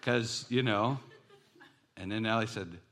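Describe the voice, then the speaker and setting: A man's voice: on the low side, unhurried, fairly bright tone. A man preaching a sermon as pastor, telling stories animatedly with self-deprecating jokes.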